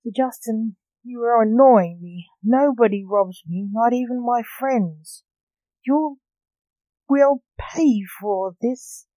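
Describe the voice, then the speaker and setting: A woman voicing a feared male highwayman in a storybook reading, demanding and threatening. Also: takes it slowly, mellow, no room sound, rough recording. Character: male highwayman killer, menacing.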